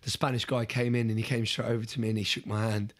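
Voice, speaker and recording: Husky man telling a race story. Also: on the low side, level tone, quick pace. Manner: earnest, restarting and repeating words. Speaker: podcast guest. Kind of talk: storytelling in conversation.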